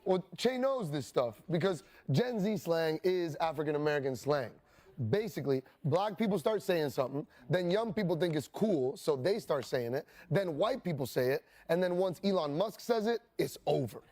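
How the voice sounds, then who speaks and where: A man's voice: on the high side, animated, moderate pace, a little mellow. A man explaining a point in a dry tone during a casual group conversation.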